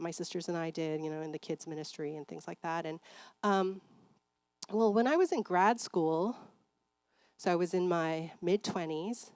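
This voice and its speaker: A woman's voice: medium pitch, darkish tone, no room sound. A woman, a clinical psychologist, speaking at a church seminar and telling a personal story in a conversational way with frequent filler words.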